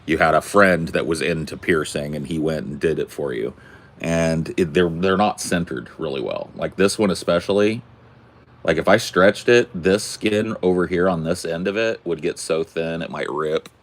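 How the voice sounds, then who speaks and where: A man's voice: deep voice, moderate pace. A man in his forties who answers viewer questions in casual chat, in a laid-back, joking, rambling way. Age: 40s.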